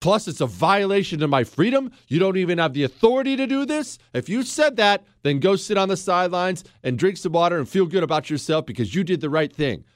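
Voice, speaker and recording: Sarcastic man ranting, lively pitch. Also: fairly quick, hardly any pauses, dry recording, clean studio sound. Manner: sarcastic, combative, addresses listener directly; mocks others with put-on quoting voices. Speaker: political commentary host. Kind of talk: ranting monologue.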